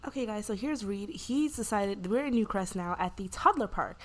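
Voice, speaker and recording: A woman casually narrating a life-sim game, rambling with lots of "like" and "you know" and voicing the characters' lines in quick asides. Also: mid-range voice, animated, faint music behind. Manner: voices the Sims' lines in quick quoted asides. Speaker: gameplay narrator. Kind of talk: casual let's-play storytelling.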